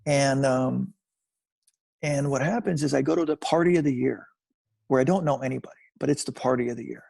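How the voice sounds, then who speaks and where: Gravelly man telling his story on a call. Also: medium pitch, a little fast. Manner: animated storyteller who repeats phrases for emphasis. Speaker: guest in recovery. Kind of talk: personal storytelling. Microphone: video call.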